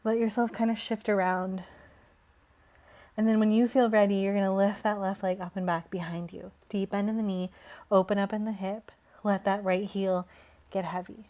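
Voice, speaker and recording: A woman instructor giving calm, encouraging yoga cues while moving, slightly out of breath. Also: mid-range voice, normal speed, highs cut off. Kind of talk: guided yoga class cues.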